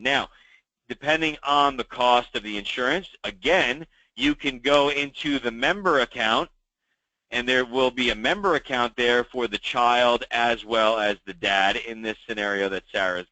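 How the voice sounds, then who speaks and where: A man's voice: mid-range voice, sharp tone, dry recording, low-quality recording. A man hosting a weekly call for insurance agents, talking through problems in a conversational way with many fillers and repeating key advice. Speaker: meeting host for insurance agents.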